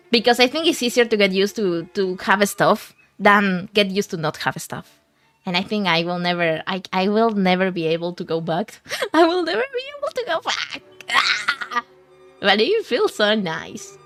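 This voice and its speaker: A woman's voice: mid-range voice, fairly bright tone, no echo. A woman VTuber chatting casually with her stream chat in a rambling, giggly way, often restarting her words, at a desk mic.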